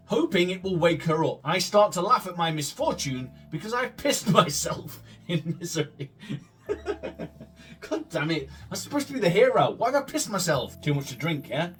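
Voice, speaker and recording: A man hosting a gaming video, reading story text aloud with sweary, sarcastic disbelief. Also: a little high. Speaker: gaming host.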